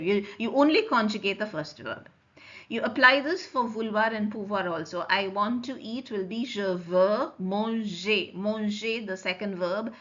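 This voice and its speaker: A woman teaching French in a recorded lecture, explaining slowly, repeating forms and checking that students follow. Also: mid-range voice, bright, forceful tone. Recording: dull lo-fi recording.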